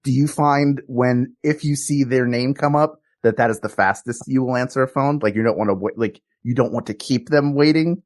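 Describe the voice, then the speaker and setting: A man co-hosting a podcast, telling rambling, excitable stories in casual chat. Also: medium pitch, normal speed, hardly any pauses. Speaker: podcast co-host.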